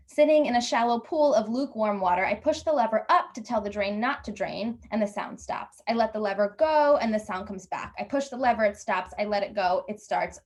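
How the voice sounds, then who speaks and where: Lady reading her funny personal essay, wry, a bit high pitched. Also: normal speed. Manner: wry, lively storytelling with put-on voices for dialogue. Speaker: workshop reader.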